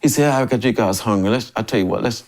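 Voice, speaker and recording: An older man in his sixties from Memphis, a drummer and interview guest, telling stories in a lively way, often laughing and acting out other people's lines. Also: fairly low pitch, fast. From Memphis, USA. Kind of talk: casual storytelling interview.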